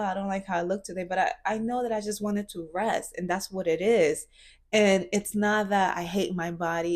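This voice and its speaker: Woman, twenties, lowish voice, earnest reflective vlog talk with fillers. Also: a little mellow. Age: 20s. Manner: earnest, searching, many fillers and restarts. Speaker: vlogger.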